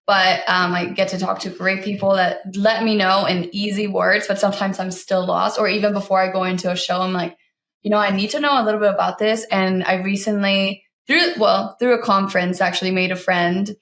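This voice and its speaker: A woman hosting a podcast, chatting casually with quick asides. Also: mid-range voice, flat delivery, fairly bright tone, echoey room. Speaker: podcast host. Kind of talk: casual chat.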